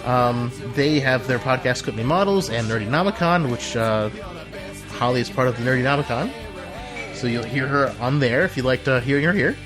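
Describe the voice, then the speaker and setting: Lively woman podcast host, lots of laughing. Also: moderate pace, over music. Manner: lively, laughs often, shifts to a lower serious announcer tone for plugs. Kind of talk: casual podcast chat.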